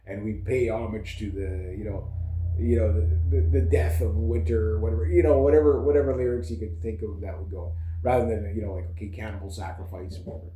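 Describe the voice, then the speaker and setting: A man with a mellow, relaxed tone talks in a loose, rambling way, full of fillers and half-started thoughts. His voice carries in a roomy, echoey space. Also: lowish voice, a little fast, slight background noise. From Canada. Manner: rambling, digressive, many fillers and restarts. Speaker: vlogger and musician. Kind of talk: casual rambling chat.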